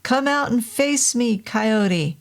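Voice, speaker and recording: A woman reading a horror story voices a desperate man shouting up at a demon, yelling in a strained, high voice. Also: takes it slowly, natural voice. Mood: frantic shouting.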